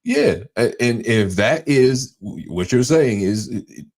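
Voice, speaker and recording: A man in a casual podcast discussion who reasons thoughtfully, in a halting way, often restarting his sentences. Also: medium pitch, expressive, a little mellow. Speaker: podcast co-host.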